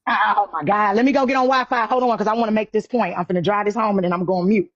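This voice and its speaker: A woman in a casual live chat, pressing her points emphatically and circling back to repeat them. Her voice is mid-pitched and comes through a dull, lo-fi phone mic. The sound is close and dry, with no room around it. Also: quick pace, no room sound. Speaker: live stream participant.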